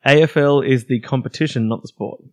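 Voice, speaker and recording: A man's voice: medium pitch, a little fast, a little mellow. Australian guy, 30s, podcast co-host, dry self-mocking storyteller. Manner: storytelling, wry and self-deprecating. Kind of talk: casual chat.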